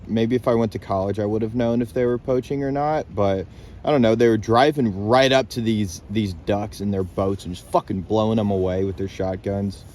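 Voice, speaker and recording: A young man with a lowish voice talks in a loose, rambling way into a handheld phone, relaxed and casual, swearing now and then. He is outdoors on a lake island, and a faint hiss of wind sits behind his voice. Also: a little fast. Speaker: vlogger camping alone on an island. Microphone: handheld phone camera.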